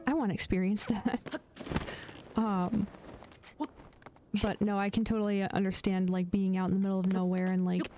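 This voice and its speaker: A woman's voice: medium pitch, completely flat delivery, moderate pace, long pauses, mellow, slight background noise. A woman streamer chatting casually while playing a game, laughing often and trailing off into fillers and restarts. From United States. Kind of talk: casual chat while gaming.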